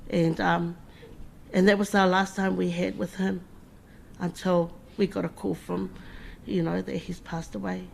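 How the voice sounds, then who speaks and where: A woman's voice: on the low side, vocal fry, slight background noise. A middle-aged woman speaking at her brother's funeral, emotional and informal, often restarting her words and laughing between tears. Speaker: eulogy speaker, sister of the deceased. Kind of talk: funeral eulogy.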